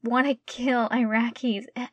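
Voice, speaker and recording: An emphatic young woman with a fairly high voice co-hosts a casual chat. She repeats her words for force. The sound is dry and close to the mic. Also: little pitch movement, unhurried, slightly rough, dry recording. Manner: emphatic, outraged, repeats herself. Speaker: podcast co-host.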